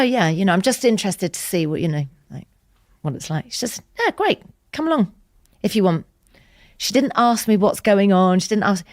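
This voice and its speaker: A woman's voice: low voice, darkish tone, no room sound, studio quality. A woman, a podcast guest telling a personal story candidly. She speaks frankly and emotionally, swears freely and often restarts her sentences. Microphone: studio podcast mic.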